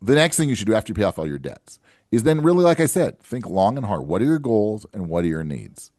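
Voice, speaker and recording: A man's voice: lowish voice, big pitch swings, fast talker, a little mellow, dry recording, clean studio sound. A man hosting his own finance show, giving earnest advice to listeners and often checking in with "right?" and "okay?". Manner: earnest and coaching, tags lines with "right?" and "okay?". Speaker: financial advisor and show host. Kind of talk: solo podcast talk to camera.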